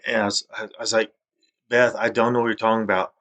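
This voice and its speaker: Rambling man with forceful voice. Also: lowish voice, level tone, fast talker, highs cut off. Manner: rambling, accusatory, repeats himself. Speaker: vlogger. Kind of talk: rambling monologue to camera.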